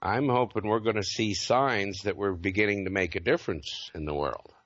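A man from Oregon chats casually, telling stories and laughing often along the way. His voice sits fairly low. The recording is dull and lo-fi, with a dry, close sound. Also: moderate pace, a bit bright, dry recording. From Oregon, USA. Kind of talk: casual podcast chat.

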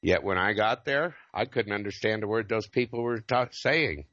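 A man from Oregon chats casually, telling stories and laughing often along the way. His voice sits fairly low. The recording is dull and lo-fi, with a dry, close sound. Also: moderate pace, fairly bright tone, no room sound. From Oregon, USA. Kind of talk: casual podcast chat.

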